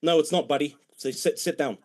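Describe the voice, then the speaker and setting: Combative high-voiced British man. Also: fairly even intonation, a little fast. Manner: mocking, combative, laughs at opponent. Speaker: debater. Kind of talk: heated debate.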